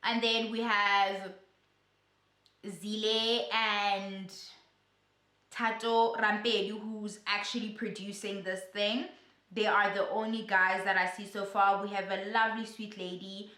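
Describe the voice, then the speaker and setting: A young woman, chatting through a casual gossip vlog in a sassy, animated way. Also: medium pitch, slow pace, reverberant. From South Africa. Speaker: YouTuber.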